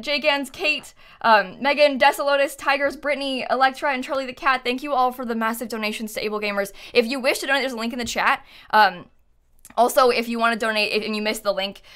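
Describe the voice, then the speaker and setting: A young woman streamer with a bright, crisp voice, sitting a little high in pitch. She chats quickly with lots of ums and likes and giggles. She rattles off names from the chat as she goes. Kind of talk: live-stream chat, reading donations.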